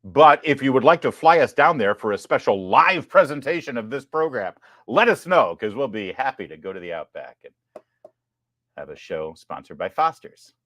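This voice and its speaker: A man hosts a live online commentary show with a joking, animated delivery. His pitch swings widely from line to line. The sound is close and dry, with no room echo. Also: normal speed. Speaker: host.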